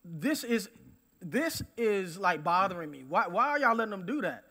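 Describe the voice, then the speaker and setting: A bold young shepherd who talks in laid-back slang and sounds sure of himself , as a male preacher puts him on. The voice stays high and bright, only a little lower than the man's usual preaching. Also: big pitch swings, moderate pace, heavily acted. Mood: casual. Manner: casual, slangy, confident.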